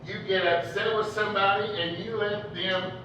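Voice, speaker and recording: High, bright-voiced man preaching in echoey church. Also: fairly even intonation, moderate pace, slight background noise. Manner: conversational, joking, storytelling. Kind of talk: folksy sermon. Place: church hall. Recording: echoey, distant, dull church recording.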